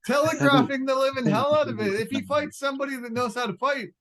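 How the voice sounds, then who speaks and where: Animated high-voiced man chatting sports. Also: fast, a loud crowd. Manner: animated, laughing, mimics fighters. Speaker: sports podcast co-host. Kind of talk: casual chat.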